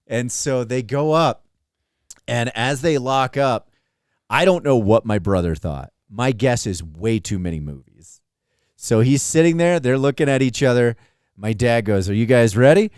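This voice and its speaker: Animated, swearing male podcast host. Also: mid-range voice, normal speed, dry recording, studio quality. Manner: animated storytelling, swearing, acts out quotes. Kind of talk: casual chat.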